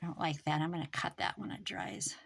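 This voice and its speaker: A woman's voice: fairly low pitch, fairly even intonation, fairly quick, creaky. Chatty woman rambling while crafting. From American Midwest. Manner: rambling, thinks aloud while working, drifts quieter. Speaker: craft vlogger.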